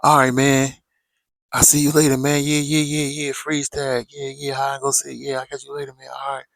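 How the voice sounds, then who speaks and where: A man voicing his younger self as a loud, rambunctious schoolboy. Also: medium pitch, monotone, moderate pace, creaky, dry recording, voice pushed up. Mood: playful. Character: excited young schoolboy saying goodbye to his buddy.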